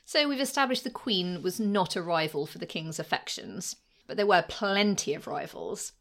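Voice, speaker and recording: A woman's voice: on the low side, animated, moderate pace, fairly bright tone. Chatty woman with lots of fillers. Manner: chatty, laughs often, many "like" fillers. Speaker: podcast co-host. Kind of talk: casual history chat.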